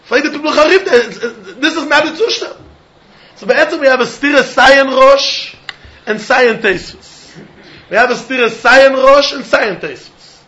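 A man's voice: extremely high pitch, moderate pace, sharp tone, lo-fi sound. A man teaching a Talmud lesson in a sing-song way, repeating key points.

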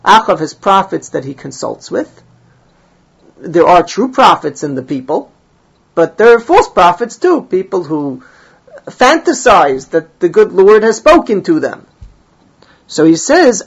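A man's voice: high voice, sing-song, measured pace, gravelly, slightly rough, dull audio. A man teaching a Talmud class, reading Hebrew and Aramaic phrases and explaining them in English.

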